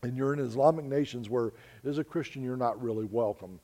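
This is sermon storytelling from a preacher and missionary from the United States, whose mid-range voice is warm and fairly quick. He preaches earnestly, relating stories to his congregation and calling them folks.

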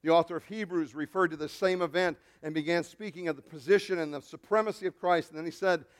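A high-pitched male pastor delivering a sermon in a dynamic preaching style. He swings from loud, ringing declarations down to near-whispered asides and jokes casually with the congregation. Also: fairly even intonation, fast talker. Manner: conversational, joking with the congregation.

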